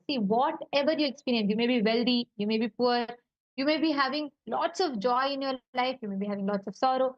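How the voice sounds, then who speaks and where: A woman narrating a spiritual tale in a high, quick-changing voice. The sound is dull and lo-fi but dry and close. She speaks in an animated way and sprinkles in fillers. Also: no echo. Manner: animated, with fillers like "uh" and "you know". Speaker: devotee giving a spiritual talk. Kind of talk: storytelling spiritual talk.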